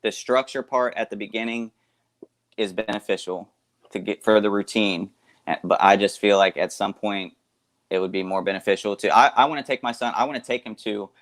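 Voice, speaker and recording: Low-voiced man rambling as co-host. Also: steady tone, a bit bright. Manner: rambling, halting, laughs easily. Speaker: guest co-host. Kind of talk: casual podcast banter.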